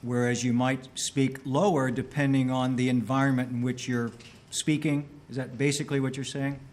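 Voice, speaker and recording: A man's voice: mid-range voice, flat delivery, moderate pace, a little mellow. A man in a courtroom questioning an expert witness carefully, restating questions with small restarts.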